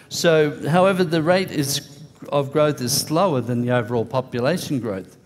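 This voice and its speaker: A man's voice: a little high, moderate pace. Man preaching an earnest sermon. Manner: earnest, conversational preaching with light humor. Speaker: pastor. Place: church.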